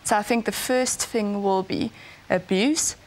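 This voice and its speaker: A woman's voice: medium pitch, a little slow. A woman speaking as a sexologist guest on a talk show panel, giving plain, hesitant answers. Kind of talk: panel discussion.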